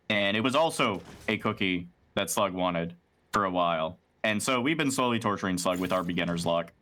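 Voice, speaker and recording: A man hosting a casual gaming stream, talking in an animated, rambling, profane way. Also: fairly low pitch. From United States. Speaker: streamer host.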